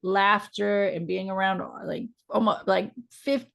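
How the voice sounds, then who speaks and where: A woman co-hosting a podcast, telling a story from work in a relaxed, conversational way with a gently reassuring manner. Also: medium pitch, unhurried, gravelly. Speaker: podcast co-host.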